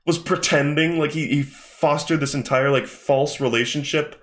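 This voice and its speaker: A man's voice: fairly high pitch, fairly even intonation, moderate pace, fairly bright tone. Profane, rambling young man. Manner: profane, rambling, with many fillers. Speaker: host. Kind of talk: casual commentary while skimming a manga.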